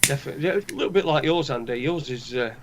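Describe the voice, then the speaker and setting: A man's voice: on the high side, animated, fast, noisy background. A man with a Northern English accent co-hosting a podcast, ranting with heavy swearing and strong opinions. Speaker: podcast co-host. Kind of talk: casual chat. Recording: dull lo-fi sound.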